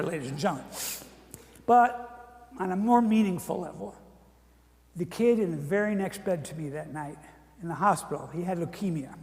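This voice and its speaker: Wry older man telling a comic story. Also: high-pitched. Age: 70s. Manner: animated, wry, deadpan asides. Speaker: speaker giving a testimony. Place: church. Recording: echoey church hall.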